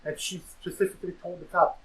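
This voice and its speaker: A man in a casual podcast discussion, agreeing quickly and then pressing firm counterpoints. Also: sits high, level tone, fairly bright tone, a little hiss or hum, rough recording. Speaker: podcast co-host.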